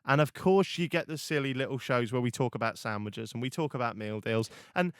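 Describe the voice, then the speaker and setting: A man's voice: medium pitch, brisk, clear, resonant tone, no room sound, studio quality. A young man hosting a podcast, telling stories animatedly with swearing and many restarts. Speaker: podcast host. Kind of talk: casual podcast chat.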